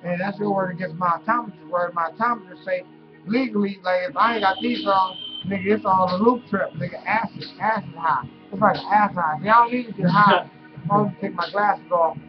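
High-voiced man ranting crudely on a webcam. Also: fairly quick. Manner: crude, rambling, laughing at his own jokes. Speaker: webcam vlogger. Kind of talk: casual profane comic rant. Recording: dull lo-fi webcam audio with music behind.

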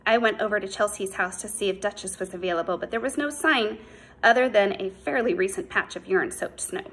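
Brief: female audiobook narrator, mid pitch, breathy and husky, steady. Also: rough recording. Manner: measured, unhurried storytelling.

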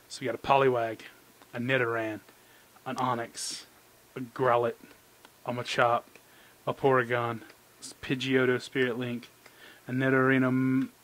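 A man giving casual, jokey commentary as he opens trading card packs, excitable and talking to his cards. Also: medium pitch. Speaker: card collecting YouTuber. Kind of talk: casual pack-opening commentary.

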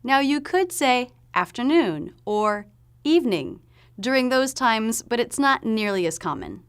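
A woman giving a pronunciation lesson, explaining sounds clearly and demonstrating them slowly. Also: on the high side, sing-song. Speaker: pronunciation teacher.

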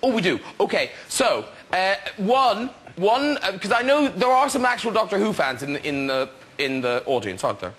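A man's voice: high voice, very animated, normal speed, few pauses. A male talk show host, bantering and teasing guests and the studio audience. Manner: teasing, camp, laughs often. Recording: loud audience laughter, noisy old TV rip.

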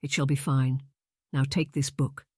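A man voicing a proper young aristocrat in an audiobook, speaking in a measured, formal, lecturing way. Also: medium pitch, level tone, a little mellow, slightly rough, no echo, clean studio sound. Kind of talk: audiobook narration.

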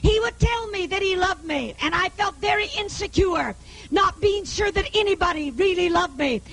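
A woman preaching her healing testimony to a live audience, emphatic and often rising to a shout. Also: very high-pitched, animated, normal speed, rough recording. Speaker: evangelist giving her testimony.

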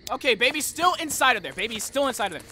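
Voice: mid-range voice, big pitch swings, rapid-fire, bright, forceful tone, slight background noise. A gamer doing let's play commentary on a horror game, panicky, repeating phrases and yelping at the screen.

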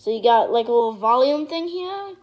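A woman giving chatty, excitable reaction commentary to her viewers, with sudden loud bursts. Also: on the high side, fairly quick, low-quality recording. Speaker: video creator.

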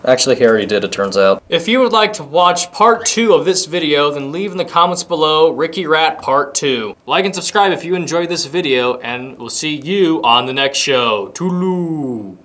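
Excitable, bright-voiced gaming host man. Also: fairly high pitch, moderate pace, few pauses. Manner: excitable, loud playful exclamations and goofy banter. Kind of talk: gaming commentary.

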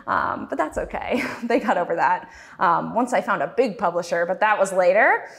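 A woman's voice: on the low side, sing-song, normal speed, creaky, fairly bright tone. A woman in her twenties giving a talk as a cartoonist, chatty and self-deprecating, with frequent ums. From Texas. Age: 20s. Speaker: cartoonist guest speaker. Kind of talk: festival talk, personal storytelling.

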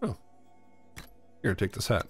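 A man's voice: measured pace, faint music behind. A man giving casual let's-play commentary, rambling, swearing freely and talking to himself and the game characters. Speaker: gamer playing a video game.

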